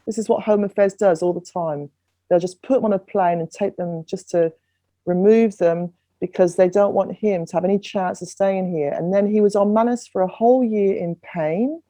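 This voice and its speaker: At normal speed, a middle-aged woman with a dark, mid-range voice earnestly relates her story as a podcast guest, restarting often. She is a singer-songwriter and refugee advocate, and the talk is a conversational interview.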